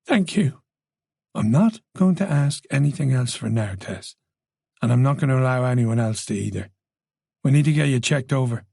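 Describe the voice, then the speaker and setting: A narrator voicing a calm, reasonable Irish police chief who speaks in a soothing way. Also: male voice, medium pitch, normal speed, gravelly, husky, no room sound, clean studio sound.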